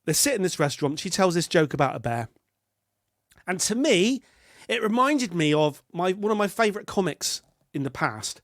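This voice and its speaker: A man's voice: high voice, very animated, moderate pace, fairly bright tone, dry recording, studio quality. A British man co-hosting a podcast, chatting casually about a film in a rambling, self-interrupting way. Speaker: podcast co-host.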